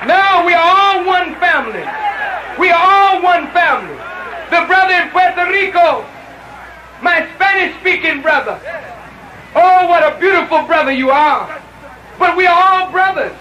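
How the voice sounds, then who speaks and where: A man delivers an impassioned rally speech in a very high, piercing voice, repeating his calls and often rising to a shout. The old recording is dull and lo-fi, echoing loudly off the open-air space. A faint crowd and hiss sit underneath. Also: lively intonation, a little slow. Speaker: minister addressing a rally. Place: outdoor rally through loudspeakers. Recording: echoey lo-fi 1970s rally recording.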